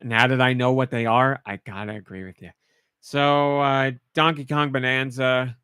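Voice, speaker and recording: A male podcast host talks in casual chat, so moved that his voice gets choked up and tearful. He gushes eagerly and keeps going through it. The sound is dry and close on the mic, with a mid-pitched voice. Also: fairly even intonation, normal speed, sharp tone, clean tone, no room sound. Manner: emotional, gushing, laughs while choking up.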